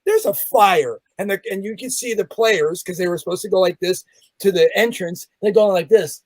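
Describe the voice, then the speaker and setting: A man's voice: sits high, moderate pace, no room sound, poor audio. A man, a magician guest, telling a story in a casual chat and acting out the sounds and the people in it. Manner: animated, acts out sounds and quotes.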